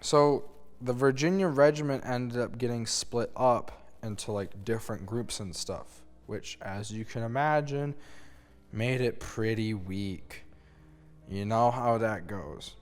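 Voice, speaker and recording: A man's voice: mid-range voice, measured pace. A young man telling a history story as a comedy bit, in a rambling, slangy, giggly way. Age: young adult. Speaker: student narrator. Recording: long reverb with music underneath.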